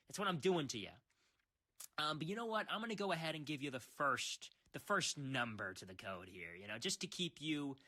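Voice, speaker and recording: Man, slightly high and bright voice; rambling comedic monologue, mock-serious, frequent stammers. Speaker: world creator narrating a puzzle.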